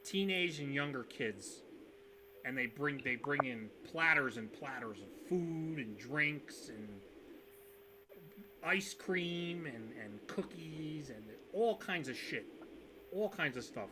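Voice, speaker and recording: Over a video call, a man acting as game master narrates a tabletop game, rambling along with fillers and restarts. His voice sits a little high and sounds animated, though he speaks slowly. There's some background noise.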